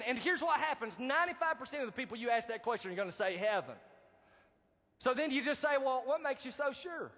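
A man preaching a sermon as pastor, animated and calling out to the congregation for responses. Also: very high voice. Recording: dull, reverberant hall recording.

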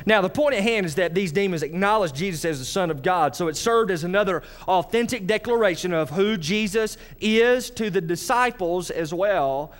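A man preaching a sermon. His voice sits fairly high and swings up and down as he talks straight to the congregation. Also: moderate pace, few pauses. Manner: animated preaching, addresses congregation directly. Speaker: pastor.

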